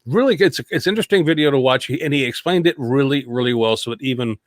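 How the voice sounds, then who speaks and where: A man's voice: mid-range voice, expressive, quick pace, no room sound, clean studio sound. A man co-hosting a podcast, talking casually and laughing often as he chats. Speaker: podcast co-host.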